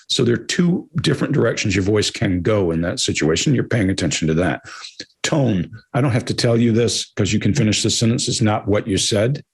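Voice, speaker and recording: A man co-hosting a live Q&A, talking fast and explaining things, with a hoarse voice. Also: lowish voice. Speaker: co-host answering viewer questions. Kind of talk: live Q&A talk.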